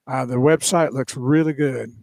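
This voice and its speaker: A man's voice: mid-range voice, fairly even intonation, normal speed, vocal fry, darkish tone, no echo, clean studio sound. A man co-hosting a car radio show, chiming in casually and laughing along with the host's stories. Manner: chatty, chimes in and laughs along.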